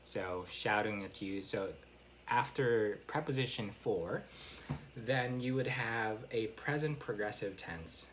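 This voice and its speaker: A man's voice: on the low side, takes it slowly, fairly bright tone, slight background noise. A man giving a casual online English lesson, explaining step by step with frequent fillers and "right?" check-ins. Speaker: English teacher.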